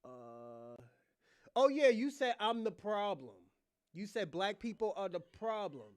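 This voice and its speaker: A man's voice: high-pitched, sing-song, measured pace, smooth, dry recording, studio quality. A man hosting a casual livestream rant, mocking someone, laughing often and repeating himself. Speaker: livestream host.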